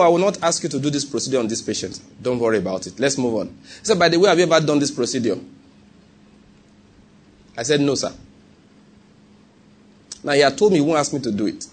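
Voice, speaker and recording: Husky Nigerian man preaching a sermon. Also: medium pitch, lively intonation, brisk, pauses often. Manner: conversational, asks the congregation if they follow. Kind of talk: sermon with personal story.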